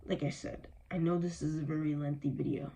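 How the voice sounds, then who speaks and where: A woman's voice: deep voice, steady tone, fairly quick, vocal fry, warm tone, a little hiss or hum, low-quality recording. A young adult woman vlogging with anger and weariness, speaking emphatically with strong language. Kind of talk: impassioned personal vlog.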